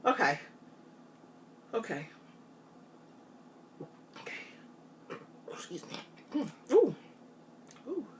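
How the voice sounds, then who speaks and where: A woman chatting straight to her viewers in a casual challenge vlog, animated and drawling. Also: medium pitch, extremely slow, long pauses, far from the mic. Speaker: vlogger. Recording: faint noise, voice off from mic.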